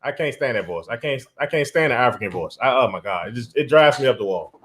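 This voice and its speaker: A man's voice: mid-range voice, lively intonation, quick pace, fairly bright tone, slight background noise. A man hosting a casual live stream, talking emphatically, repeating his phrases and often breaking into laughter.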